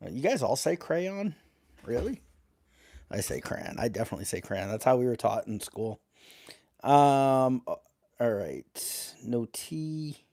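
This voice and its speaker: A man's voice: medium pitch, gravelly, warm tone, dry recording, clean studio sound. A man hosting a casual live stream, reading letters aloud and greeting chat viewers.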